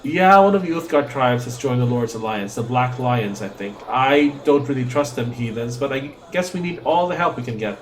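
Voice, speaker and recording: A man reading a distrustful, gruff male settler from a game, in a folksy grumbling drawl. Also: mid-range voice, animated, normal speed, few pauses, a little hiss or hum, lightly acted. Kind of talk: reading game dialogue aloud.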